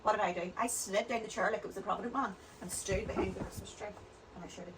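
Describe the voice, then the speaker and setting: A woman's voice: mid-range voice, steady tone, quick pace, distant mic, slight background noise, poor audio. A woman, chatting as a podcast guest, rambling through stories one after another. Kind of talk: casual chat.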